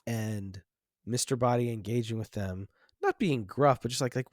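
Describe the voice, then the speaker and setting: A man's voice: mid-range voice, normal speed, a little mellow, no room sound, studio quality. A man hosting a film podcast, talking casually and reflectively with lots of restarts and "like"s. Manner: rambling, many restarts and fillers, reflective. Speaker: podcast host.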